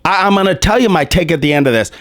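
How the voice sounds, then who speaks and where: A man's voice: a little high, expressive, fast talker, fairly bright tone, dry recording, clean studio sound. A man hosting a sports commentary show, ranting in a heated, mocking, profane way, his voice strained and worn.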